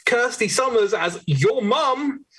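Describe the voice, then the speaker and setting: High-voiced stumbling male host. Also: lively intonation, slow, fairly bright tone, breathy edge, rough recording. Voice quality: stumbling, self-mocking. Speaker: quiz show host. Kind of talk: live comedy panel hosting.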